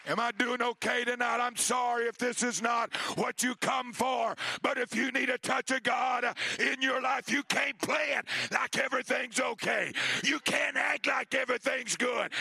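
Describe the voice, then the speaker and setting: A man preaching a Pentecostal sermon, moving from quiet, halting talk to shouted, impassioned calls. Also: very high-pitched, creaky. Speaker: pastor.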